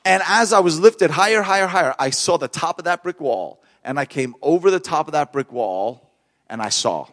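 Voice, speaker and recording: A fervent male preacher telling stories in a sermon, animated and quick to laugh. His voice sits a little high for a man. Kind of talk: sermon storytelling.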